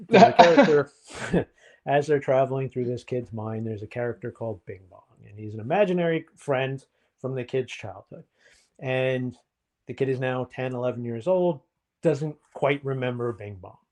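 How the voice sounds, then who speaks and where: A man's voice: mid-range voice, warm tone. A man, a therapist co-hosting a podcast, explaining things in a reflective, casual way with frequent ums.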